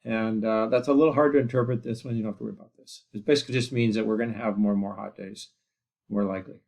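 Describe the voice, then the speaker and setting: A man's voice: lowish voice, fairly even intonation, fast talker, vocal fry, darkish tone. A man teaching a geography class in a recorded lecture, rambling with lots of fillers and asides. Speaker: geography instructor.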